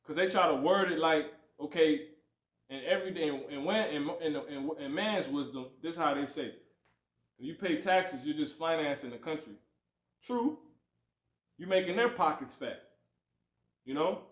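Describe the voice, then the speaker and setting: A man's voice: a little high, normal speed, pauses often, roomy sound. A man teaching a livestreamed Bible lesson in a preachy, repetitive way, often asking "you see?". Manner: preachy, repeats "you see" and "you know what I'm saying", animated swings. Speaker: scripture teacher.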